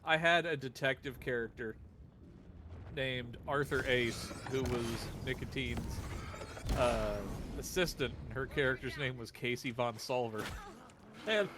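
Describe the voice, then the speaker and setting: A man streaming a game and chatting casually, telling jokey stories with quick character voices. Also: medium pitch, fairly even intonation, noisy background. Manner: jokey storyteller, slips into silly character voices. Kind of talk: casual chat while gaming.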